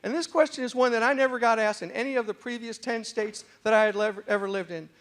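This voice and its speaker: A man's voice: extremely high pitch, fast talker, a bit bright. A middle-aged man with a mixed New York and West Virginia accent, telling funny stories as a motivational speaker to a university audience. He acts out other people's voices with comic timing. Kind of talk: humorous storytelling talk. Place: university lecture hall with a live audience.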